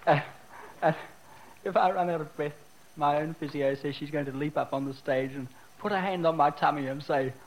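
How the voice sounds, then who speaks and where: A man's voice: on the high side, a little hiss or hum, low-quality recording. Breathless man addressing a big crowd. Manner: emotional, breathless, halting. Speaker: square dance caller. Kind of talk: speech to a crowd and square dance calling.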